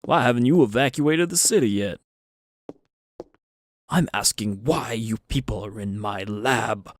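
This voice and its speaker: A man's voice: medium pitch, unhurried, no room sound, natural voice. A man playing an indignant, irate professor. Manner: indignant, demanding. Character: irate middle-aged male professor.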